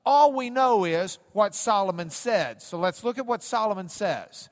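A man's voice: high-pitched, expressive, moderate pace, in a large hall. A man teaching a Bible class in a conversational way, repeating words and adding jokey asides.

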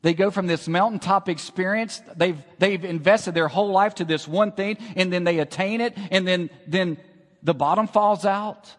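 A man preaching a sermon, swinging from hushed lines to loud calls and asking the congregation to repeat after him. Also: high-pitched, normal speed, in a large hall.

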